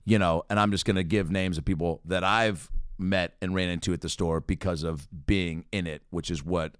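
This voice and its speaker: Male comedian, low smooth voice, easygoing storyteller on a dry close mic. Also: fairly even intonation, dry recording. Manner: rambling anecdotes with quick quoted asides. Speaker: comedian guest. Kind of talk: casual chat, comic storytelling.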